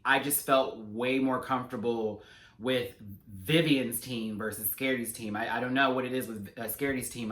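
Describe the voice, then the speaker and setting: A man giving a casual, sassy episode recap and review with animated, slangy asides. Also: mid-range voice. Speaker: reality TV reviewer. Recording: roomy echo.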